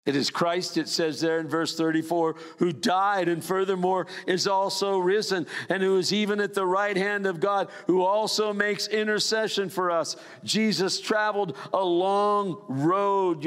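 An older male pastor delivers a sermon slowly and deliberately, in a slightly high voice. He lifts key phrases, then drops low and soft. His voice rings with a long reverb, as if filling a church hall. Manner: preaching with sweeping rises and drops in pitch.

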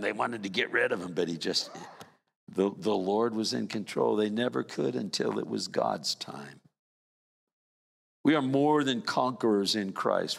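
An older man preaching a sermon as pastor, his voice swinging from raised emphasis down to low, quiet lines. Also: vocal fry, breathy edge, long reverb tail. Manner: preaching with sweeping rises and drops in pitch.

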